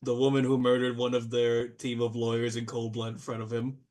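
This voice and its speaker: A man's voice: medium pitch, completely flat delivery, fairly quick, darkish tone. Chatty man running a tabletop game. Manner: loose, chatty, full of fillers and playful exclamations. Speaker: game master.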